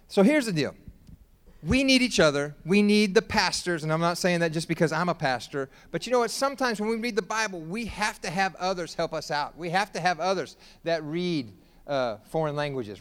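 A man preaching a sermon as pastor, joking with the congregation and building up to shouted exhortations. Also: a little high, lively intonation, a little fast, smooth.

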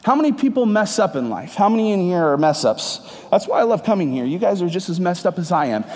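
A man's voice: sits high, big pitch swings, quick pace, darkish tone. Upbeat man preaching in a hall. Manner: conversational, joking with the congregation. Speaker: pastor. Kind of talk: sermon. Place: church hall with congregation. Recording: reverberant hall.

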